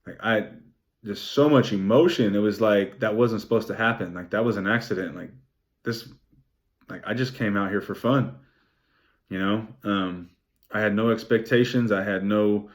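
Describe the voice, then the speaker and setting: A young man recapping his race in a vlog, excited and rambling, swearing freely and saying "like" often. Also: lowish voice, moderate pace, long pauses. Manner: excited, rambling, swears a lot, many "like" fillers. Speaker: vlogger.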